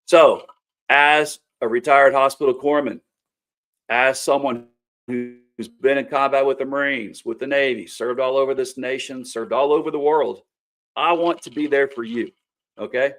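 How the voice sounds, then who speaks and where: A man's voice: medium pitch, fairly even intonation, normal speed, fairly bright tone. A middle-aged man with a Kentucky accent, hosting a show and telling folksy stories in earnest, plain-spoken campaign talk. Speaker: host and candidate for local office. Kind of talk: casual campaign talk to camera.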